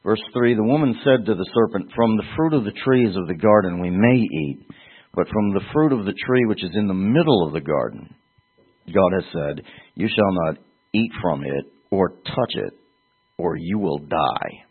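A man's voice: low-pitched, lively intonation, normal speed, breathy edge. A man preaching an expository sermon, acting out quoted voices as he teaches. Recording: phone-like narrow band.

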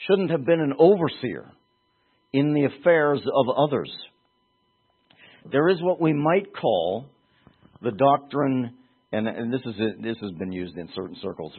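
A man's voice: medium pitch, breathy edge. A man preaching a Bible-teaching sermon in a conversational, emphatic way, asking rhetorical questions. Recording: tinny phone-like sound.

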